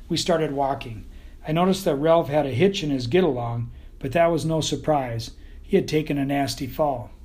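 A man with a Texan accent reads a children's story in the first person. His folksy drawl is dry and unhurried, and his voice sits somewhat high for a man. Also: a little mellow. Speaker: audiobook narrator.

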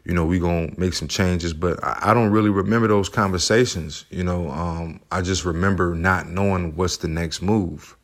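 A man with a deep, low voice tells his own story as a single father. His talk is heartfelt and loose, and he keeps circling back with easy fillers like "you know" and "man". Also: fairly even intonation, normal speed, hardly any pauses. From United States. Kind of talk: personal storytelling.

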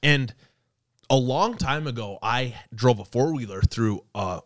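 A man's voice: medium pitch, a little slow, no room sound, clean studio sound. A man telling his own snowmobile crash story in casual, profane chat, acting out what he said. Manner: animated, swearing, acts out his own words.

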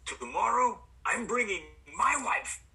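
A man's voice: sits high, animated, vocal fry, bright, forceful tone, slight background noise, pitched above the performer's own voice, heavily acted. A man doing a thick Bulgarian crew guy. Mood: gleeful. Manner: broken English, halting and slow. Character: joking Bulgarian crew man, middle-aged, deadpan.

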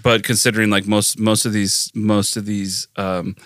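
An American man with a fairly low voice chats on a podcast. He is blunt and swears freely. The sound is dry and close. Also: little pitch movement, normal speed, fairly bright tone, no echo. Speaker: podcast co-host. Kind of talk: casual chat.

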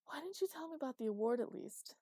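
A woman voicing a wry, gently teasing young man in an audiobook, with a mellow voice. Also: high voice, animated, fast talker, slightly rough, no echo, voice pushed up, exaggerated voice. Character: dry, teasing young man, patient partner.

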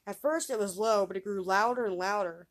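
A woman reading an old fairy tale aloud, lifting her pitch and volume for the characters' lines. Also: a little fast. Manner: lively reader raising pitch and volume for quoted voices. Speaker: storyteller.

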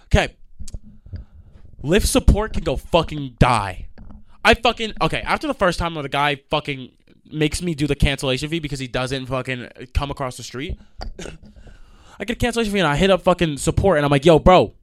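A man's voice: fairly high pitch, animated, fairly quick, a bit bright. Heated, profane young man ranting. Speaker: podcast host. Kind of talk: ranting monologue.

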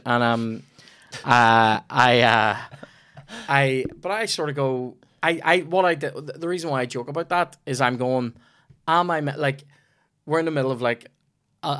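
Medium-pitched and a bit bright, this young Northern Irish comedian hosts a podcast, recorded cleanly in the studio without echo. He chats casually, rambling through stories and swearing freely.

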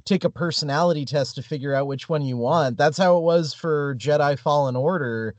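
A man's voice: a little high, a little fast, no echo. A man musing thoughtfully in a casual conversation about video games. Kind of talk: casual gaming chat.

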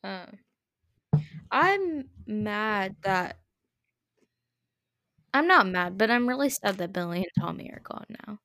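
A woman chatting on a podcast with a gravelly, fry-filled voice recorded dry and close. She talks at a middle pitch, hesitant, often trailing off with fillers. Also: animated, slow, pauses often, bright, forceful tone, no echo. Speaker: podcast co-host. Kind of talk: casual chat.

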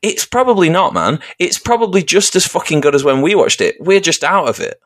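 A man with an English accent, co-hosting a casual podcast chat and telling sweary stories with acted-out shouts. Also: fairly high pitch, sing-song, brisk. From England. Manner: sweary storytelling, acting out shouted quotes. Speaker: podcast co-host.

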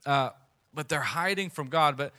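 A man's voice: fairly high pitch, moderate pace, bright, forceful tone. A man in his thirties preaching an earnest, conversational sermon, repeating phrases as he goes. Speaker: pastor.

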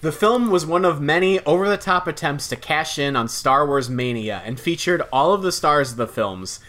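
Male podcast co-host, lively swings in pitch, playful mock outrage. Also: normal speed. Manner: animated, laughs often, exaggerated groans. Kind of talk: casual podcast chat.

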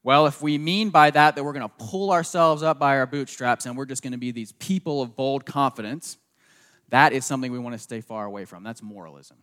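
Brisk and fairly bright, a mid-range male voice fills a big room as a pastor delivers his sermon. Hailing from the southeastern United States, he carries a slight Southern accent, repeats phrases earnestly for emphasis, and punctuates points with "okay?".

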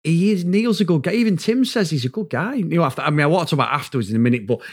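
Lively, sweary man. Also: on the high side, very fast, husky. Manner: animated, swears a lot, laughs while telling stories. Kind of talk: casual chat reviewing a comedy series.

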